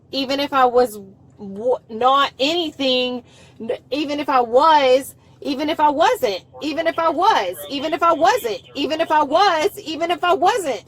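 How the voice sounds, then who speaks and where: A woman's voice: high-pitched, lively intonation, measured pace, poor audio. A woman, arguing with police in a combative, profane, mocking way during an arrest. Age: 30s. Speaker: arrested driver, nurse. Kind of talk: heated roadside argument. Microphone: police body camera.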